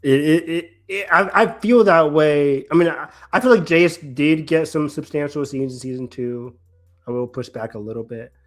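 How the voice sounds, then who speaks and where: A man co-hosting a casual podcast recap, talking in a rambling, animated way with many restarts and quoted reactions. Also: on the high side, normal speed, faint music behind. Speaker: podcast co-host.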